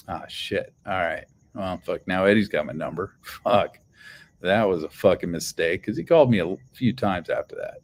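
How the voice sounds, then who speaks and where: A man's voice: on the low side, normal speed, a little mellow. A man casually telling a long personal story, rambling with lots of fillers and swearing. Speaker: channel host.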